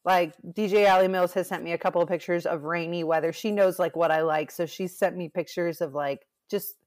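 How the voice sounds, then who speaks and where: A young woman co-hosts a casual podcast in a fairly low voice. She jokes easily and fills her talk with "like." The recording is close and dry. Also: fairly even intonation, fairly quick, a little mellow, no echo. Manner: laid-back, joking, says "like" a lot. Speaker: podcast co-host. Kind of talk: casual chat.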